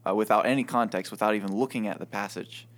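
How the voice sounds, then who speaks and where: A man's voice: lowish voice, steady tone, fast talker. A man leading a small group discussion, careful and hesitant with dry humor. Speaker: guest small group leader.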